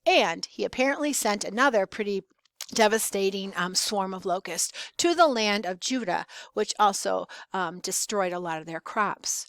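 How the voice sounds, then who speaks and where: A woman teaching a Bible lesson, speaking casually to students and reading scripture aloud with deliberate stress and pauses. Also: medium pitch, lively intonation, a bit bright, no room sound. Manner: conversational, with fillers and restarts.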